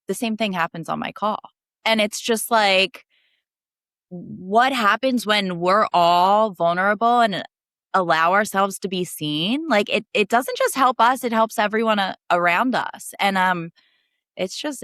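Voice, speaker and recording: A young woman guest on a coaching podcast, earnestly telling a personal story with emotional rushes of speed. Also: mid-range voice, animated, fairly bright tone, no echo, studio quality.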